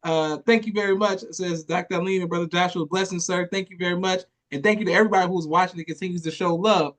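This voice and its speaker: A man's voice: high-pitched, fairly even intonation, quick pace, a bit bright. A man hosting a podcast who asks questions politely and answers with a deferential "yes, sir.". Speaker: podcast host. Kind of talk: interview questions.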